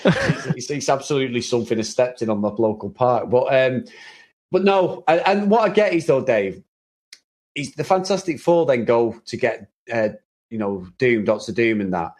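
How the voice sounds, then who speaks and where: A man's voice: medium pitch, normal speed, a little mellow. A man co-hosting a casual chat about an old film, talking freely with many restarts and frequent laughs. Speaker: podcast co-host.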